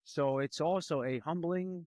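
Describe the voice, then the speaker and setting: A man in a casual panel conversation who talks in an earnest, halting way and often repeats his words. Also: on the high side, a little mellow, no echo. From New York, USA. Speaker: guest, film director.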